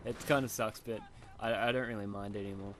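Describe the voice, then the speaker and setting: A man's voice: fairly low pitch, fairly even intonation, a little fast, a bit bright, slight background noise. A young Australian man with a slight lisp and a sniffly nose, rambling casually over his gameplay with lots of fillers. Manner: rambling, self-deprecating, many fillers. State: sniffly from hay fever. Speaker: gamer.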